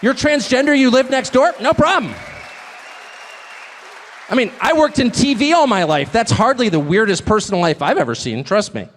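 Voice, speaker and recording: A man's voice: extremely high pitch, very animated, moderate pace, slight background noise. Man addressing a reverberant hall. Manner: emphatic, mocking rhetorical questions. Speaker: speaker at a live event. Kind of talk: speech to a live audience. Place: large hall with audience. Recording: played clip, long hall reverb, faint crowd.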